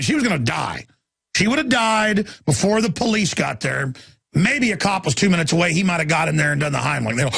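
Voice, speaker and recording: A man's voice: on the high side, vocal fry, a bit bright, breathy edge, no echo, studio quality. A man from Texas, hosting a talk radio show and ranting in a heated, rambling way, often repeating words as he restarts.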